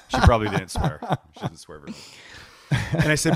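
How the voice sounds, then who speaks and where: A lowish, creaky, slightly rough voice moves at a fairly quick clip as this middle-aged TV cooking host tells stories. It's a casual podcast interview in his living room, and he animates the tales by acting out conversations.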